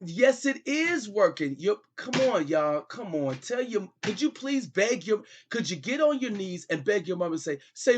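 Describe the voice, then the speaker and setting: A man's voice: sits high, very animated, a little slow, few pauses. A middle-aged man hosting a comedy show, talking as a father on a call in a pleading, repetitive, exasperated way.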